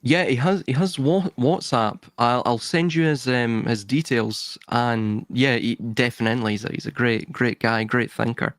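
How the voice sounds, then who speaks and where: A man's voice: mid-range voice, normal speed, hardly any pauses, fairly bright tone, no room sound. A Scottish man talking as a podcast guest in a thoughtful, hedging way, often restarting his sentences. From Scotland. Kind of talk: casual podcast chat.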